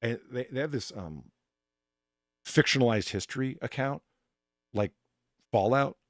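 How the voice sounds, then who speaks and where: A man hosting a casual chat, animated and laughing, with frequent restarts. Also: medium pitch, measured pace, dry recording, studio quality. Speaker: host.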